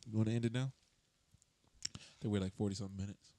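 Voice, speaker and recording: A man co-hosting a podcast in casual chat, teasing and quick. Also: on the low side, fairly even intonation, mellow. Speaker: podcast co-host.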